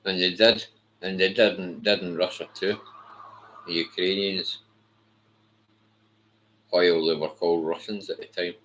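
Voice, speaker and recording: A man with a very low voice speaks slowly in a rambling rant. His tone is hard and cutting, and he swears freely and scornfully throughout. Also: steady tone, a bit bright, rough recording. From Britain. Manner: blunt, heavily profane, scornful. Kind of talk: ranting monologue.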